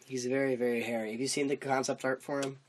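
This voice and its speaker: A man's voice: mid-range voice, level tone, quick pace, a crowd in the background. A young man co-hosting a podcast in a playful, jokey casual chat. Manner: playful, jokey, does silly voices. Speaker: podcast co-host.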